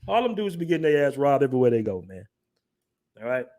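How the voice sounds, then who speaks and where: Hosting a livestream, this young adult from the American South talks fast with a mellow, mid-range voice that's very animated. He has an African American Vernacular English accent, cracks jokes in slang-heavy talk, and reads out the chat.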